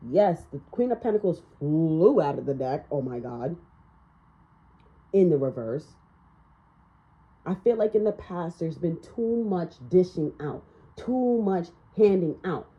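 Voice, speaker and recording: Blunt, profane woman tarot reader. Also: measured pace. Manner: blunt and profane, ranting with laughs; animated, swinging up and down in pitch. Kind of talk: casual tarot reading monologue. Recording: slightly dull, lo-fi sound.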